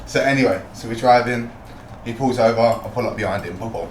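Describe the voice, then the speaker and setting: Animated British man telling a fight story. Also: medium pitch, a little fast, a little hiss or hum. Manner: swears freely, acts out quotes. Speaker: podcast guest, fighter. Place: podcast studio. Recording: roomy echo.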